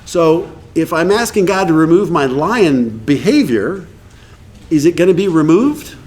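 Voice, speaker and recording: A middle-aged man with a Texan accent, speaking at a recovery meeting and acting out quoted voices in an animated way. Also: a little high, a little slow. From Texas.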